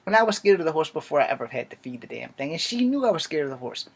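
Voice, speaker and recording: A young man telling a funny personal story in casual, swearing storytime style, jumping from low mutters and whispers to loud outbursts. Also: very animated, rapid-fire, vocal fry, breathy edge. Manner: sometimes drops to a whisper. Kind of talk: casual profane storytime monologue.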